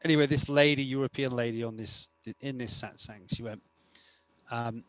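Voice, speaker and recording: A man co-hosting a relaxed podcast talk, telling long rambling stories about his coaching clients. He circles back and restarts his sentences often. The recording is dry and close, with no room sound. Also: mid-range voice, moderate pace, smooth, no room sound. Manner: rambling storytelling with many restarts. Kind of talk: casual conversation.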